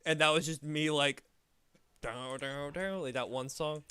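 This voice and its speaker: Bright, crisp-voiced young man rambling. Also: fairly high pitch, unhurried. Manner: rambling, profane, animated storytelling. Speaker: streamer. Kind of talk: casual gaming chat.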